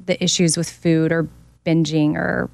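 A woman with a lower voice and gravelly texture talks in a candid, reflective way. The recording is dry and close. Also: flat delivery, a little slow, darkish tone, dry recording. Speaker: podcast host. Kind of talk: casual podcast conversation.

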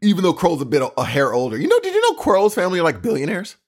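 A man's voice: high voice, racing. A man co-hosting a podcast in casual chat, rambling and acting out quotes as he talks. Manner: animated, rambling, acts out quotes. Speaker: podcast co-host.

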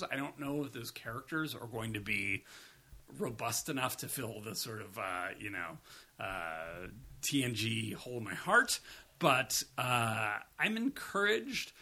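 A man's voice: medium pitch, animated, measured pace, sharp tone. A man co-hosting a podcast, chatting casually in a rambling style and swearing now and then. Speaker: podcast co-host. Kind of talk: casual review chat.

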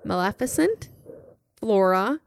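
A woman's voice: mid-range voice, lively intonation, slow pace, gravelly, a little hiss or hum. A woman hosting a casual family trivia chat, playfully reading out multiple-choice questions to her children. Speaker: podcast host quizzing her kids.

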